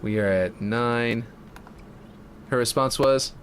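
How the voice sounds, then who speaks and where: A man's voice: medium pitch, slow pace, a little hiss or hum. A man streaming a game map build live, chatting casually and thinking aloud in a self-mocking way.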